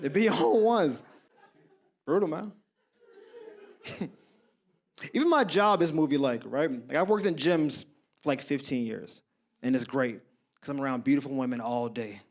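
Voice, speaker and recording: A man in his thirties doing stand-up comedy on a club stage, telling stories in an animated, slangy way and laughing through his punchlines. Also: mid-range voice, moderate pace, pauses often.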